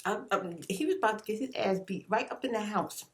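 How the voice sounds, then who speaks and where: A woman's voice: medium pitch, fairly quick. A woman ASMR creator telling an exasperated story between bites of food, in a casual, emphatic way. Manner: chewing and eating between lines. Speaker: ASMR YouTuber, mother. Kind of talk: casual storytime while eating.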